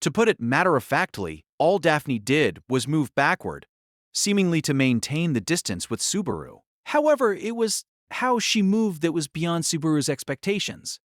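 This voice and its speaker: A man narrating an audiobook with dramatic, expressive delivery. His voice is raised a little in pitch and swings widely in tone. The read is dry and close-miked, with no room sound. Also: moderate pace, no echo.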